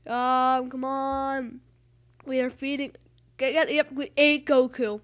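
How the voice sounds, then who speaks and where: A woman giving casual, rambling gameplay commentary, excitable and calling out to rival players. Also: high-pitched, takes it slowly. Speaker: gaming channel host.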